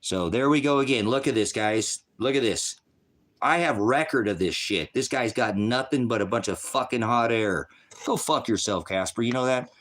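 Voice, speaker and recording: A man's voice: medium pitch, normal speed, fairly bright tone. A man delivering a heated, profane livestream rant at his viewers, mixing insults with scripture quotes. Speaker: online preacher and streamer.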